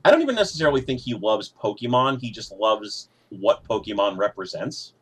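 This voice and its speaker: A man hosting a podcast in casual chat, relaxed and patient when he explains things, swearing offhandedly. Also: fairly low pitch, fairly quick, breathy edge. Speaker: podcast host.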